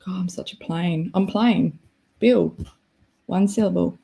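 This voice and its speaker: A woman's voice: on the low side, unhurried, gravelly, dark tone, husky. A young Australian woman hosting a casual livestream, chatty and self-deprecating as she reacts to her chat. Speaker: livestream host.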